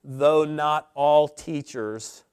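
Middle-aged guy preaching slow and emphatic, smooth clear voice, a bit higher pitched. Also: a little mellow. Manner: deliberate, emphatic teaching with pauses. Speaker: pastor. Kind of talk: sermon.

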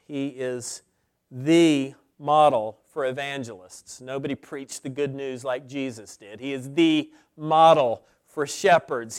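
Middle-aged guy preaching slow and emphatic, smooth clear voice, a bit higher pitched. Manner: deliberate, emphatic teaching with pauses. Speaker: pastor. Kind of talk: sermon.

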